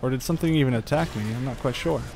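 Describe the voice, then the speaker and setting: A man's voice: medium pitch, very fast, gravelly, background noise. A young man giving casual gameplay commentary, thinking aloud with lots of fillers and chuckles. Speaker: gaming channel host.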